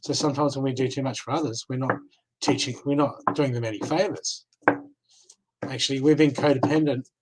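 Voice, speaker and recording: A man's voice: mid-range voice, steady tone, a little fast, breathy edge, rough recording. An Australian man giving live card readings, talking casually and reassuringly, often checking in with "okay?". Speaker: card reader.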